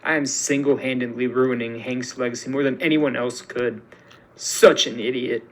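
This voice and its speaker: A man's voice: medium pitch, steady tone, moderate pace, close to an everyday voice. Grieving heroine, fierce and self-blaming, read by a man, storybook reading. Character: grieving angry middle-aged woman hero.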